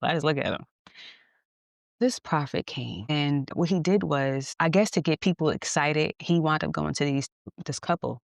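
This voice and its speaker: A woman podcast host telling a personal story in a candid, animated way, laughing at times. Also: deep voice, normal speed, gravelly, dry recording. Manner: animated, candid, acts out dialogue, laughs often.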